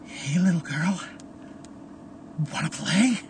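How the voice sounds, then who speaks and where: A man's voice: high-pitched, lively intonation, takes it slowly, a little hiss or hum. A man voicing a vengeful young man turned killer, bitter and menacing, often in a harsh whisper. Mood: cold menace.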